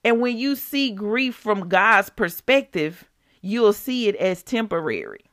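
A woman's voice: medium pitch, lively intonation, measured pace, dry recording, studio quality. A woman hosting a devotional podcast, speaking informally and preacherly, repeating phrases for emphasis. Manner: grows emotional, shifts between soft and raised. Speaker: podcast host.

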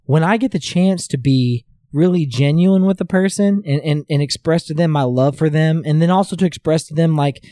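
A speaker in casual conversation, talking earnestly and reflectively with halting restarts. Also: mid-range voice, warm tone, no echo, studio quality.

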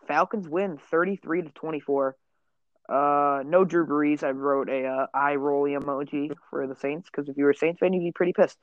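A brash young man trading football picks on a casual podcast, his voice pitched a bit high. He jokes and swears freely. The recording sounds dull and dry, with no room around it. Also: steady tone, moderate pace, no echo. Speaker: podcast co-host. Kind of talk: casual sports chat.

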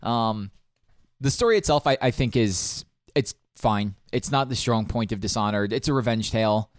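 Low-voiced man chatting about games. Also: lively intonation, moderate pace, no room sound, clean studio sound. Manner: rambling, many ums and restarts. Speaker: podcast co-host. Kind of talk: casual chat about video games.

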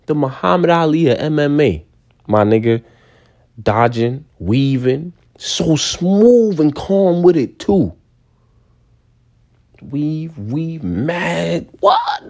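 A young man from New rants in a loose, slang-heavy way. His voice is dark and mellow but swings wildly in pitch, jumping into squeaky outbursts. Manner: animated, slangy, sudden high-pitched outbursts. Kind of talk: casual rant to camera.

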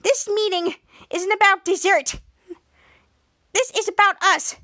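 Brief: woman voicing a whiny toddler supervillain, high and loud, vengeful. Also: steady tone, slow pace, dry recording, clean studio sound, heavily acted. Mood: commanding.

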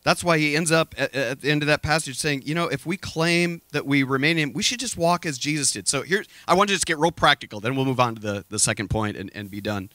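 A man preaching a sermon from a stage, telling a story with lively, acted-out quotes. He says he is sweating up here. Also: a little high, fast talker, hardly any pauses, no echo. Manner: animated storytelling, acting out quoted voices. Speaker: pastor. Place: stage before a congregation.

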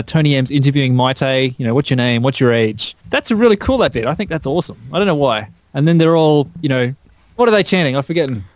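A man excitedly breaking down a song's arrangement in a casual podcast chat. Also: fairly high pitch, dry recording. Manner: enthusiastic, detailed song analysis. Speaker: podcast co-host. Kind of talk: casual music discussion.

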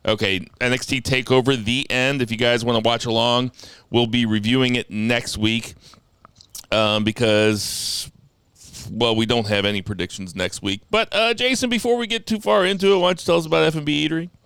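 A man's voice: medium pitch, normal speed, a bit bright, clean tone, no room sound. A man from St. Louis hosting a casual wrestling podcast from his basement, upbeat and jokey with sarcastic asides. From South St. Louis, USA. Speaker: podcast host. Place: home basement.

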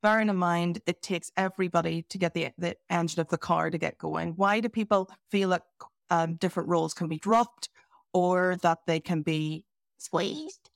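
A woman hosting a podcast, asking questions and chatting in an animated, jokey way. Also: on the low side, moderate pace, creaky, dry recording, studio quality. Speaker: podcast host. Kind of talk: casual conversational interview.

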